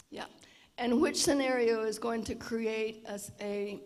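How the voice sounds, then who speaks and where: A woman giving an informal lecture with storytelling, often clearing her throat. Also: fairly high pitch, unhurried, darkish tone. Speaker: health presenter at a seniors' event. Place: church hall. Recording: long reverb of a large hall.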